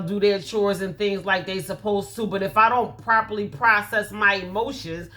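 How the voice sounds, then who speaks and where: A woman gives a casual motivational talk, telling stories and throwing in lively quoted asides. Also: medium pitch. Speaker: host.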